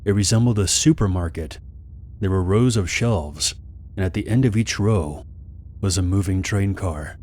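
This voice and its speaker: A man narrating a scary story in a calm, steady, scripted manner. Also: deep voice.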